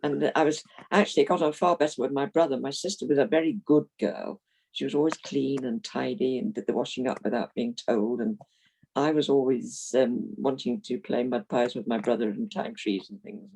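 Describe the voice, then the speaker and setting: Gravelly-voiced woman in her eighties. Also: rumbling low, normal speed, dark tone, low-quality recording. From London, England. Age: 80s. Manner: chatty, frank, laughs while telling stories. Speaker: retired minister, interviewee. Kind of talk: reminiscing interview.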